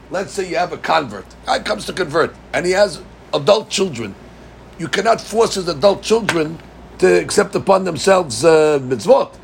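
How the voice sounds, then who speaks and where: A man's voice: fairly high pitch, creaky, slight background noise. A man teaching a Talmud class. He reads the text in a chanting lilt, then explains it plainly and puts questions to his students. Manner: addresses students directly with questions.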